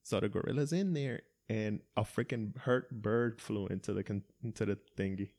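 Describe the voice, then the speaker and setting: A man's voice: on the low side, moderate pace, a little mellow. A man telling a story in casual chat, laughing and acting out what people said. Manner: laughing storyteller, acts out quotes with swearing.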